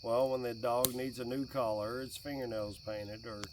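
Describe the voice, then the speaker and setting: A man in his late forties chatting casually and jokingly by a campfire outdoors, getting animated when quoting his kid. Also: mid-range voice, moderate pace, recorded from a distance, slight background noise. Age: 40s. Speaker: vlogger. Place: outdoors by a fire at night with crickets.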